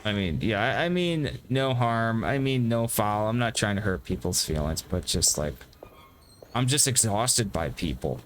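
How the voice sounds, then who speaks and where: A man's voice: lowish voice, expressive, a little slow, faint music behind. A man giving casual gameplay commentary, rambling, swearing freely and poking fun at himself. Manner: profane, rambling and self-deprecating. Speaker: gameplay streamer.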